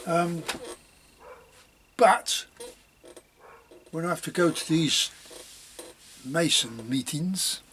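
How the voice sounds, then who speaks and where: A man's voice: a little high, extremely slow, pauses often, fairly bright tone, a little hiss or hum. A man rambling casually about his leatherwork in a home vlog, chuckling at himself as he goes. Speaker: leatherworking hobbyist.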